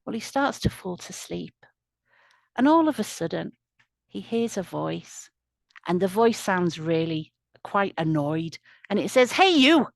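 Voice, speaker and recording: Woman telling a slow, soothing tale. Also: fairly low pitch, lively intonation, vocal fry, a little mellow, no echo. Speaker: storyteller at a community event. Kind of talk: oral storytelling.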